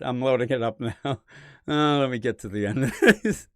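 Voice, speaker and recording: A man hosting a podcast, talking casually about comics in an animated, rambling way with frequent laughs. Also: medium pitch, moderate pace, no room sound, studio quality. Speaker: podcast host. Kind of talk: casual comic book chat.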